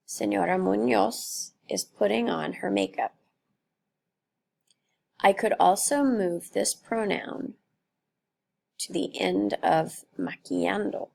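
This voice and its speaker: A woman teaching a grammar lesson, explaining slowly and carefully with worked examples. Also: medium pitch, gravelly, a little mellow. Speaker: Spanish teacher.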